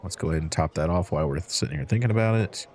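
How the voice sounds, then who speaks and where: A man's voice: sits low, lively intonation, very fast, creaky, a crowd in the background. A man hosting a let's-play, chatting to in-game customers as he serves drinks and counts out change. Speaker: gaming channel host. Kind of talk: relaxed let's-play commentary.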